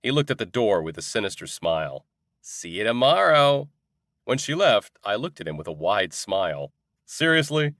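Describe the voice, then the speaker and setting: Low-ish guy reading an audiobook, lively delivery, dry close sound. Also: a little fast, hardly any pauses, dry recording. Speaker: audiobook narrator. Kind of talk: first-person audiobook narration.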